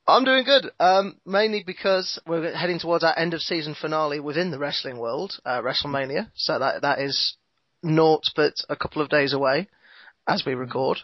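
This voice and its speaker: A man's voice: on the high side, moderate pace, dry recording, muffled recording. A man in his twenties co-hosting a podcast, easygoing and laid-back. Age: 20s. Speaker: podcast co-host. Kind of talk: casual podcast chat.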